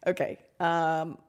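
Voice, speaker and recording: A woman hosting a live Q&A on spiritual topics, effusive and gushing, sometimes dropping into soft whispers. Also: on the low side, dull audio. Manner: warm, effusive, drops to soft whispers at times. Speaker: host answering audience questions.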